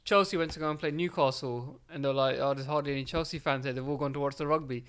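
A young man in relaxed conversation, speaking bluntly with plenty of slang and casual swearing. His voice is an everyday mid-pitched male voice. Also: fast talker, clean tone. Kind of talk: casual chat.

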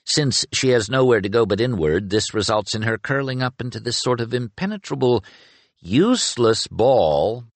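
A man's voice: on the low side, a little fast, few pauses, dry recording, natural voice. A man voicing a wry, talkative young sorcerer who soothes a shaken friend in an audiobook.

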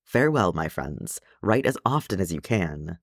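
A man voicing a fretful, tearful male hobbit gentleman who talks in a fussy, flustered, prim way. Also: deep voice, sing-song, moderate pace, dry recording, clean studio sound, full character voice.

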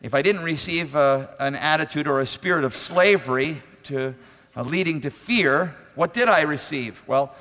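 A man's voice: on the high side, expressive, normal speed, sharp tone. A man preaching a sermon as pastor in a church sanctuary, emphatic and repetitive, telling stories to the congregation. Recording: long reverb of a large hall.

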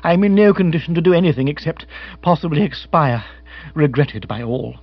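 Man playing a gloomy young lord, listless, dull weary delivery, husky, dull lo-fi audio. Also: fairly high pitch, animated, a little fast.

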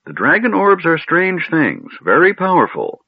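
A man's voice: fairly high pitch, wildly swooping pitch, unhurried, creaky, breathy edge, dry recording, pitched above the performer's own voice, full character voice. A man voicing an absent-minded old male wizard who talks in a distracted, muttering way, recorded on a narrow phone-like line. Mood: vague.

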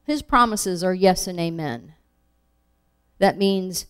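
A woman teaching a Bible lesson, reading verses aloud and acting out the quoted lines with animated emphasis. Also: on the low side, slow, pauses often, smooth. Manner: animated, acts out scripture quotes.

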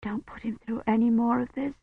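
A woman's voice: fairly high pitch, steady tone, slow, vocal fry, no echo, narrow, tinny audio, voice pushed up. A narrator voicing a grieving young woman who pleads tearfully in a raised voice. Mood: pleading. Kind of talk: audiobook reading.

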